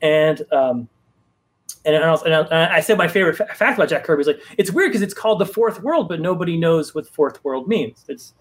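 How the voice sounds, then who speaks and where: With a fairly high, expressive, slightly rough voice and a somewhat fast pace, a comic book writer tells a lengthy anecdote during a casual live-stream chat. It's rambling, full of restarts and fillers.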